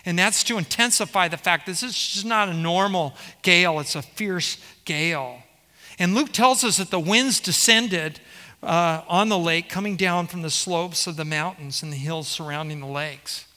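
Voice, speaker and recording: A man's voice: high-pitched, moderate pace, pushed and bright, long reverb tail. A man preaching a sermon as pastor, explaining scripture and asking the congregation rhetorical questions.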